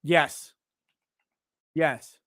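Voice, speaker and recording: A man hosting a casual livestream, reading viewer chat messages aloud and joking, often restarting his sentences and growing animated in his stories. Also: dry recording, studio quality. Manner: rambling and joking, with halting restarts; animated when telling stories. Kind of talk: casual live-stream chat.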